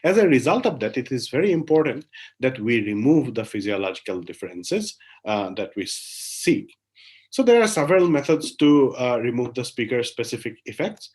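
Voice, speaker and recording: A man with an Indian English accent giving an academic lecture online, explaining step by step and often checking in with "right?" between filler pauses. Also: mid-range voice, sing-song, a little mellow.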